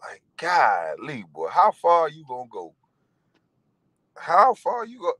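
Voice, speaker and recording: A man in his forties ranting in a profane monologue, animated and mocking, breaking into laughter. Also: a little high, slow pace, no echo, poor audio. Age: 40s. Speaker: vlogger.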